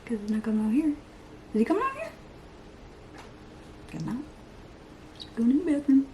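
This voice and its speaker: A woman's voice: high voice, huge pitch swings, normal speed, warm tone, slight background noise. A woman in her thirties chatting while doing her makeup at home, rambling and poking fun at herself, sometimes muttering or whispering asides. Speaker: beauty vlogger. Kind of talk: chatty get-ready-with-me makeup vlog.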